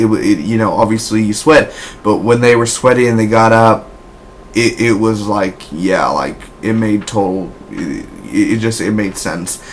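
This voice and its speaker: A young man giving a casual, rambling spoken review, with frequent restarts and fillers. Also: a little hiss or hum. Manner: rambling, restarts often, bursts into loud high woo shouts. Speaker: wrestling reviewer.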